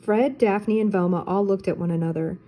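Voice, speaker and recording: Mellow older woman reading a storybook. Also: mid-range voice, a little fast, soft background music, rough recording. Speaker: teacher reading aloud. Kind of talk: children's book read-aloud.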